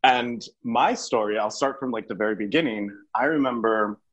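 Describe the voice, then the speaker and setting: A man who is a guest on a podcast, telling his story in an expressive, earnest and rambling way. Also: mid-range voice, moderate pace, slightly rough, dull audio. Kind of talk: casual interview conversation.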